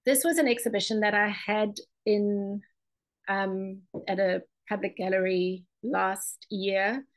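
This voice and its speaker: A woman's voice: medium pitch, steady tone, slow pace, low-quality recording. A woman giving a chatty presentation on her art, with many ums and restarts. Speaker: ceramic and mosaic artist presenting her work. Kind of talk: presentation talk.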